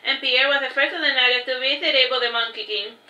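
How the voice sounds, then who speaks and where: A woman's voice: sits high, fairly even intonation, fast, sharp tone, echoey room, poor audio. A woman reading her own fantasy novel aloud, unpolished, with frequent restarts and asides.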